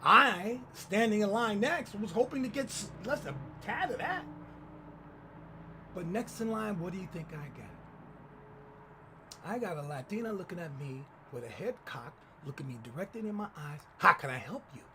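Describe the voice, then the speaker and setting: Animated man telling a story. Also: sits high, moderate pace, noisy background. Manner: animated storyteller, acting out quoted voices. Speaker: channel host. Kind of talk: personal storytelling commentary.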